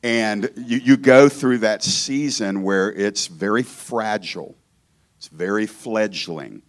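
Low-voiced man preaching from Georgia. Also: slow. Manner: conversational, joking, self-interrupting. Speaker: guest preacher. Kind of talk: informal sermon. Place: church.

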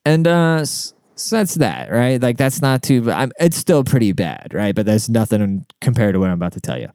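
A man's voice: medium pitch, sing-song, normal speed, darkish tone, smooth, dry recording, studio quality. A man hosting a podcast, talking in a rambling, profane, casual monologue with lots of fillers and asides. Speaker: podcast host. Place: outdoors.

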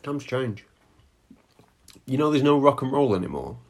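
A man co-hosting a podcast, telling stories in a casual chat with teasing, deadpan jokes. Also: mid-range voice, moderate pace. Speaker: podcast co-host.

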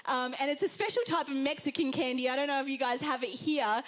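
A woman's voice: high-pitched, fast talker, a bit bright. A young Australian woman preaching an earnest, chatty Pentecostal sermon to a congregation. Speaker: guest preacher.

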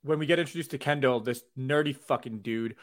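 A man co-hosting a podcast, retelling a scene haltingly and mocking the characters. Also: medium pitch. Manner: halting, hesitant retelling with mocking put-on voices. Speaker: podcast co-host. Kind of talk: casual chat.

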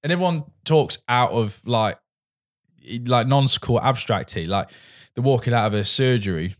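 A man's voice: mid-range voice, animated, normal speed. A man chatting casually as a film reviewer, rambling with many restarts. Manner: rambling, restarts, acts out quoted dialogue.

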